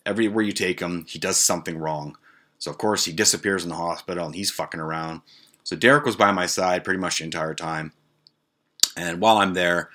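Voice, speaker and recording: A man's voice: low voice, bright, forceful tone. A man hosting his own show, telling a personal story in a casual, rambling way full of swearing and side notes. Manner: profane, rambling asides. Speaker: podcast host.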